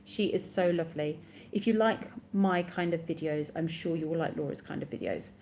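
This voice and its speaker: A woman's voice: low voice, normal speed, darkish tone, a little hiss or hum. A woman in her thirties, chatting casually on a live stream and answering viewers' comments as they come in.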